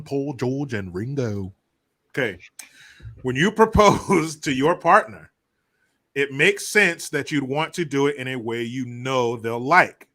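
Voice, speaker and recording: A man's voice: medium pitch, bright, forceful tone. Male podcast host, casual chat, profane joking banter, reads news aloud, mid-range voice.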